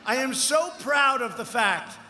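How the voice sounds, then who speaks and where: A man's voice: very high-pitched, expressive, measured pace. A man in his seventies giving a campaign rally speech, rambling and repeating himself, boasting and riffing with the crowd. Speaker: political speaker. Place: large outdoor rally. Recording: echoey rally sound, cheering crowd. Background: crowd noise.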